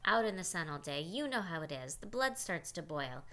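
A woman voicing a laid-back teenage boy talking his way out of trouble. Casual, persuasive, bright. Audiobook character reading. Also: fairly low pitch, sing-song, normal speed. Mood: smoothing over. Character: easygoing teenage boy smoothing things over.

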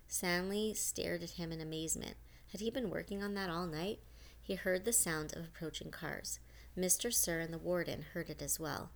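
Low-voiced woman reading a novel aloud. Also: normal speed, vocal fry. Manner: steady reading with small restarts. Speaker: audiobook narrator.

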